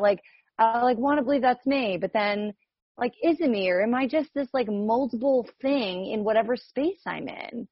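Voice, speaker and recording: A woman's voice: fairly high pitch, moderate pace, slightly rough, no echo. Sex: woman. Origin: New Jersey. Role: coach. Style: casual sharing on a video call. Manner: rambling, self-questioning, lots of "like". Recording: dry, slightly dull call audio. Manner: rambling and self-questioning, many "like"s, laughs often.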